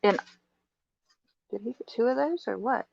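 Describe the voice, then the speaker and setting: Expressive and a little high, with vocal fry and a darkish tone, her voice moves at normal speed. This middle-aged livestream host shows off a craft haul, laughing often and chatting with viewers, in muffled lo-fi audio with slight background noise.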